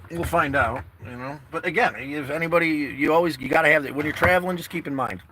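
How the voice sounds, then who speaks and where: Sitting in his car outdoors, a travel vlogger streams live and rambles casually to his audience in a laid-back way. His voice is mid-range and sharp-toned, with a faint hiss or hum underneath.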